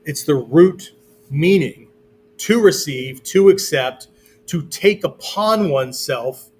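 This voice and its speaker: A man's voice: fairly high pitch, animated, slow, darkish tone, slightly rough. A male martial arts instructor giving a whiteboard lesson in a loose, conversational way, checking in with his listeners after nearly every phrase. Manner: checks in constantly with "okay?" and "right?"; loose, conversational explaining with fillers. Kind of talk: whiteboard teaching talk.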